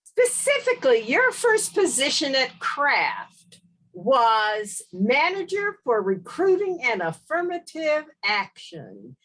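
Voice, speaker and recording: A woman hosting an interview, asking her guest questions in a deliberate, measured way. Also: high voice, wildly swooping pitch, a bit bright, poor audio. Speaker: interview host.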